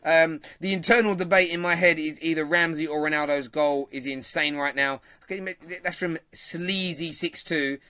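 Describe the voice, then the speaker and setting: A man's voice: fairly high pitch, steady tone, moderate pace, hardly any pauses, bright, forceful tone, clear, resonant tone, no echo. A man with a London accent hosting a football show, chatting casually, reading viewer comments and laughing often. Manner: laughs often, banters with chat. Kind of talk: casual live-stream chat.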